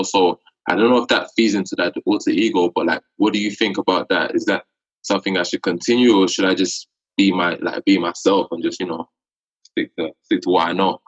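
A man's voice: low-pitched, lo-fi sound. A young man with a London accent asking a hesitant question in a casual podcast chat, full of fillers. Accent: London English. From England. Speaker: sales rep asking a question.

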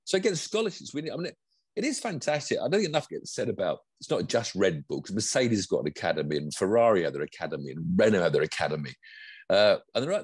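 Man, British, husky voice, lively pitch, low-ish tone, casual chat. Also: dry recording, clean studio sound. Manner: chatty, rambling, lively. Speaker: motorsport podcast co-host.

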